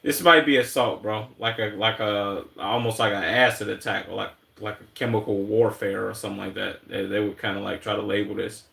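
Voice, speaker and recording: A man's voice: lowish voice, a little fast, vocal fry, hardly any pauses. Profane man in his twenties. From Chicago, United States. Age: 20s. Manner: animated, profane, acts out quotes in put-on voices. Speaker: streamer reacting to videos. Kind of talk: casual livestream commentary. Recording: roomy echo.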